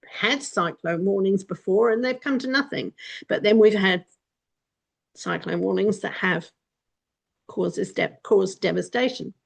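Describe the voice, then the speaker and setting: A woman's voice: mid-range voice, creaky. A middle-aged woman talking candidly at home, chatty and emphatic, laughing now and then and repeating herself for stress. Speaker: vlogger giving life advice. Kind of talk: casual spoken reflection to camera. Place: home indoors by a window.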